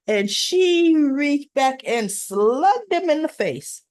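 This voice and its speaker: A woman's voice: high voice, big pitch swings, slow pace, few pauses, darkish tone. A woman hosting a casual recap, retelling scenes with acted-out quotes and chatty asides. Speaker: soap opera recap host.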